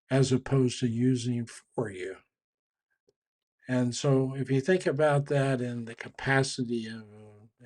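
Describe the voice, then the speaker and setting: A man's voice: medium pitch, darkish tone. Conversational man explaining trust. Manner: conversational, with restarts and fillers. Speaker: trainer on communication and leadership. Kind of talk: explanatory talk with a story.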